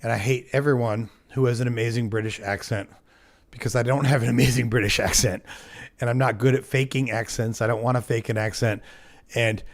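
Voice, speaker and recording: A man's voice: medium pitch, steady tone, fairly quick. American guy chatting on his livestream, rambly, keeps restarting, pokes fun at himself. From United States. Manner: rambling and self-mocking, many fillers and restarts. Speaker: livestream host. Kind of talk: casual livestream chat.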